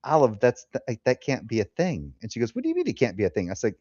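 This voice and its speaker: Animated man telling stories, dull dry headset sound. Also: mid-range voice, quick pace, breathy edge, no echo. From California. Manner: animated storyteller, acts out quotes. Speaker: host. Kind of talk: casual live-stream chat.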